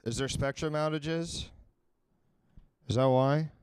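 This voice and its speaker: A livestream advice show host from the Washington, D.C. area chats loosely and rambles, swearing freely. His voice is on the high side but darkish in tone, and he speaks slowly, in a clean, dry recording.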